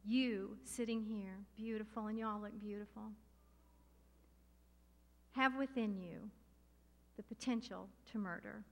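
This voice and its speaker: A middle-aged woman preaching a sermon with passion and emphasis, slowing down to stress key words. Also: medium pitch, level tone, creaky, a little mellow. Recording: long hall reverb.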